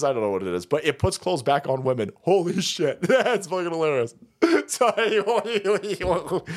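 Lively, high-pitched profane male streamer. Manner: crude, mocking, laughs often, mimics people in voices. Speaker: streamer host. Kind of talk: profane ranting commentary stream.

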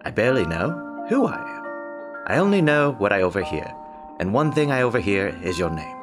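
A man's voice: on the low side, very animated, moderate pace, over music. An actor playing a polite, mysterious male stranger in an audio drama, speaking in a put-on English accent with courtesy. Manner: courteous, genteel.

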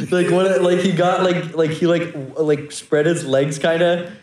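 A man's voice: on the high side, flat delivery, measured pace, darkish tone. A young man co-hosting a casual podcast, rambling with lots of fillers and frequent laughs, recorded on a cheap mic. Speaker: podcast co-host. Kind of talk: casual chat. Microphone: cheap microphone. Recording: echoey large room.

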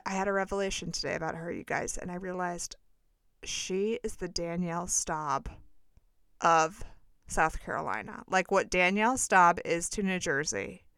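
Snarky woman with a bright, crisp voice. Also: fairly low pitch, no echo, studio quality. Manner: snarky, blunt and dramatic. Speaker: podcast host. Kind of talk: gossipy reality-TV commentary.

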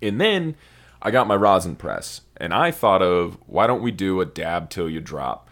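A man's voice: deep voice, big pitch swings, unhurried, fairly bright tone. A young man co-hosting a podcast, rambling and swearing in casual stoned chat. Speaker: podcast co-host.

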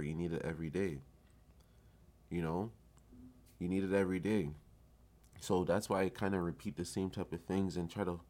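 A man's voice: low-pitched, darkish tone. A man delivers a loose motivational monologue on his podcast. He talks casually and with emphasis, and he swears freely. He comes across as loose and fired up. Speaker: podcast host.

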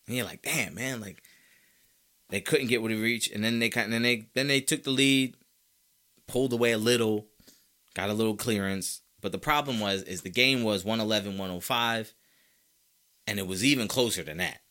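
A man hosting a sports talk podcast, ranting with loud, high-pitched outbursts between stretches of lower, calmer talk. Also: normal speed, long pauses. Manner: animated, swings into high-pitched shouts. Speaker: podcast host. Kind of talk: fired-up sports talk rant.

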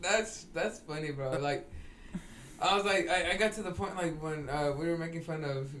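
High-voiced young man laughing through banter. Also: moderate pace, a bit bright, slight background noise. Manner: rowdy, laughing, swearing banter. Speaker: podcast co-host. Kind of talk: casual podcast chat.

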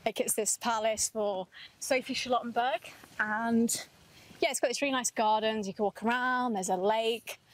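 This podcast co-host is a young woman in a casual walking chat outdoors on a campus, speaking at a moderate pace in a fairly high voice with fairly even intonation. Upbeat and chatty, she laughs often and says "like" constantly. Audio quality is poor.

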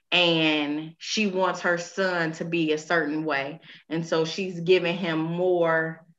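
A woman's voice: lowish voice, a bit bright, dull audio. A woman co-hosting a podcast, giving her opinions in a casual, teasing way. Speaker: podcast co-host. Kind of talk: casual chat.

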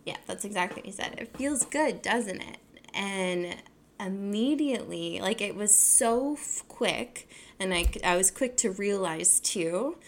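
A woman's voice: mid-range voice, lively intonation, a little slow, a little hiss or hum. A young adult woman hosting her own podcast, talking casually in a rambling way, full of fillers and self-corrections. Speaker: podcast host. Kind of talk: casual solo podcast talk.

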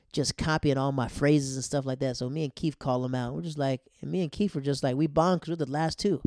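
A man telling a casual, animated story in slangy talk, laughing often as he goes. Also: mid-range voice, no echo, clean studio sound.

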